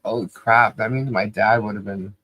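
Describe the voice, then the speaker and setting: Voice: mid-range voice, steady tone, normal speed, a bit bright. A podcast co-host in casual chat, talkative, laughing often and breaking into bits of song. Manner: chatty, laughs often, sings snatches of songs.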